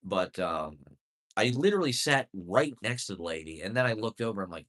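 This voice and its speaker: A man's voice: low-pitched, animated, brisk, a bit bright. A man rambling through a profane, self-deprecating comedic monologue with sardonic chuckles. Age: adult.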